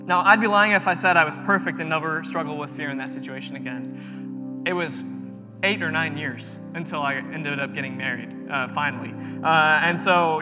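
A young man preaching a sermon in a hall, talking earnestly and telling a personal story with repeated phrases. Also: fairly high pitch. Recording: long reverb of a large room.

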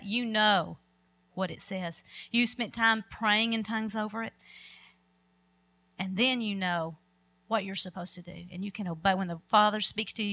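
A woman's voice: medium pitch, sharp tone. A middle-aged woman preaching a sermon, emphatic and quoting scripture with rising force.

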